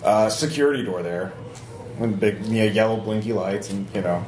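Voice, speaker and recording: A man's voice: lowish voice, moderate pace, darkish tone. A man narrating a tabletop game as game master, rambling with many fillers. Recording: roomy with faint noise.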